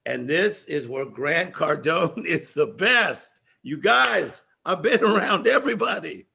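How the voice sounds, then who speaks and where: Forceful, higher-pitched motivational speaker man. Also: animated, measured pace, gravelly, slight background noise. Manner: emphatic, rhythmic, repeats phrases for effect. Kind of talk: motivational stage speech.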